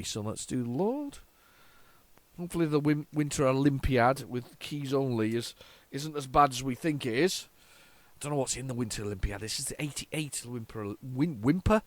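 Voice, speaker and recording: A man's voice: mid-range voice, no echo. A man hosting a retro gaming video, chatting casually and rambling as he loads old game tapes, with lots of restarts. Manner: rambling, waffling with many restarts. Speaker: retro gaming channel host. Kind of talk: casual commentary while loading old tapes.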